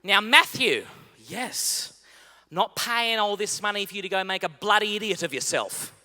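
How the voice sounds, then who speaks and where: A man's voice: sits high, lively intonation, moderate pace, bright, forceful tone, voice pushed up, exaggerated voice. A man imitating his stern mother scolding her son, in a large reverberant hall. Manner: firm, scolding, broad accent.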